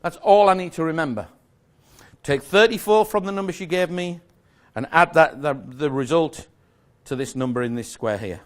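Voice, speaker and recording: A man's voice: fairly high pitch, moderate pace. A man giving a live magic lecture to an audience, explaining step by step in a chatty, self-correcting way with small jokes.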